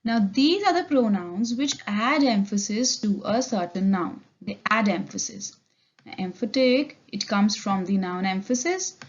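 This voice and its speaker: A woman's voice: mid-range voice, expressive, unhurried. A young woman with an Indian accent teaching an English grammar lecture, explaining step by step and checking in with "okay?". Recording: dull lo-fi recording.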